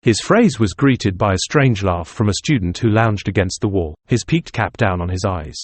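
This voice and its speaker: A man narrating an audiobook in a measured, literary reading style. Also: fairly low pitch, lively intonation, dry recording. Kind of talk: scripted narration.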